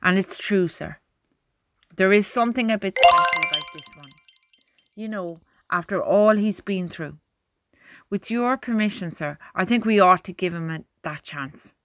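A woman playing a gruff army sergeant. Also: sits high, a little slow, a bit bright, soft background music. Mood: firm. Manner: blunt, firm. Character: gruff male army sergeant, blunt and protective.

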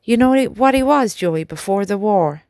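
A woman voicing a gentle young male soldier who talks softly and reassuringly to his horse, in an audiobook. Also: mid-range voice, animated, normal speed, no room sound, lightly acted. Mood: grieving. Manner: soft, chatty, reassuring talk to a horse.

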